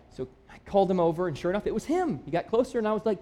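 A Michigan pastor in his thirties preaches in a high, warm, expressive voice, racing through a conversational sermon. He tells personal stories with a self-deprecating touch and builds to emphatic, rising appeals.

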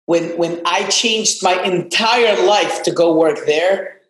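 A man in his twenties, a podcast guest, telling his story in an animated, casual way and swearing freely. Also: sits high, takes it slowly, echoey room, a crowd in the background, low-quality recording. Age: 20s.

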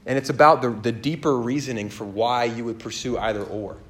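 A man in his thirties preaching a sermon, telling stories with lively acted-out dialogue that swings his voice up and down. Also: brisk. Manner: animated storyteller, acts out dialogue with big pitch jumps. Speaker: pastor.

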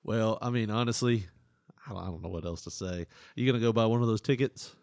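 A man's voice: lowish voice, quick pace, vocal fry, darkish tone, no room sound. Laughing podcast co-host, a man. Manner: laughs often, jokey, crude humor. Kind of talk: casual comedy podcast banter.

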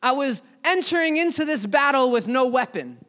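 High-voiced young man preaching. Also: lively intonation, normal speed. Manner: earnest storytelling, dropping soft and rising loud. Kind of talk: sermon.

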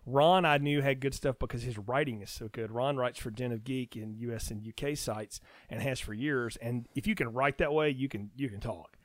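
A man's voice: medium pitch, normal speed, hardly any pauses, dry recording. A man talking as a podcast guest, chatty and easygoing, rambling through stories in casual conversation.

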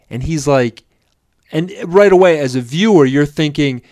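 A man's voice: a little high, expressive, a little slow, darkish tone, dry recording, clean studio sound. A man in a casual movie debate, rambling with lots of "like" and insisting on his point.

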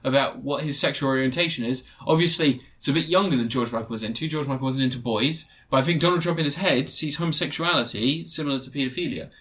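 A man's voice: medium pitch, fast talker, few pauses, fairly bright tone. A man co-hosting a podcast, rambling through a crude, jokey film review and acting out characters in silly voices. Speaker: podcast co-host. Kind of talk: casual comedic film review chat.

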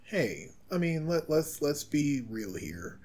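A man's voice: on the high side, very animated, slow pace, a little mellow. Stammering man playing his character. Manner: stammering, repeating words. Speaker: player. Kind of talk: in-character tabletop role-play.

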